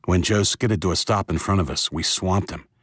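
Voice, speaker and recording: A man narrating a first-person audiobook in a plain, steady storytelling voice. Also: deep voice, moderate pace, breathy edge, no room sound, clean studio sound.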